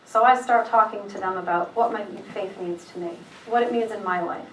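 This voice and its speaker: A middle-aged woman telling a personal faith story in a rambling way, halting often with fillers and restarts. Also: mid-range voice, slight background noise. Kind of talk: personal testimony, casual retelling. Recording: echoey room, voice from a distance.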